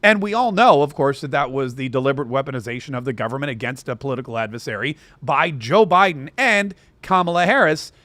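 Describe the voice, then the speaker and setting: A man's voice: sits high, fairly bright tone, dry recording. A man hosting political commentary, sarcastic and rambling, full of asides.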